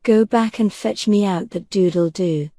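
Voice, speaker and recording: A woman voicing a menacing male pirate captain in a soft bedtime audiobook reading, with a purring, courteous menace. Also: medium pitch, takes it slowly, no room sound, clean studio sound. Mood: silky menace.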